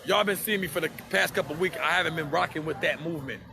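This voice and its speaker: A man's voice: fairly high pitch, quick pace, vocal fry, noisy background. A man on a livestream, speaking to his viewers in an impassioned, profane rant and repeating himself for emphasis.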